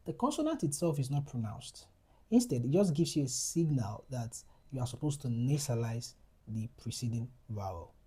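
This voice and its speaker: A woman teaching French pronunciation, talking slowly and deliberately and saying each example word twice. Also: very deep voice, mellow, slightly rough. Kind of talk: instructional lesson.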